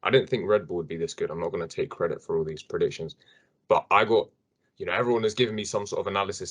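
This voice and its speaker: A man's voice: low-pitched, quick pace, a bit bright, slightly rough. A young man hosting a casual sports podcast, chatty and rambling, with fillers and restarts. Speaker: podcast host.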